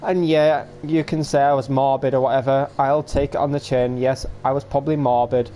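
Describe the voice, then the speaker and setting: A man's voice: mid-range voice, flat delivery, brisk, mellow, slight background noise. A man in his late teens, chatting casually and rambling to viewers on a home livestream.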